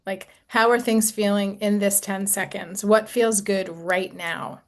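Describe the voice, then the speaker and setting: A woman in her sixties, an intimacy coach talking gently and reflectively to a group, with casual fillers. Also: medium pitch, steady tone, a little slow. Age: 60s. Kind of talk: talk to a group.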